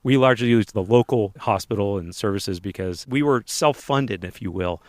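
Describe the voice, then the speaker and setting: A man co-hosting a podcast, telling a lively personal anecdote in a casual way. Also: lowish voice, normal speed, no room sound, clean studio sound. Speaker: podcast co-host telling a story. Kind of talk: casual storytelling.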